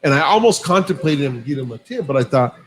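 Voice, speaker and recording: A podcast host tells a long, profane story casually and animatedly, acting out the dialogue with quoted lines. His voice is a little high and he talks fast, and the audio is poor.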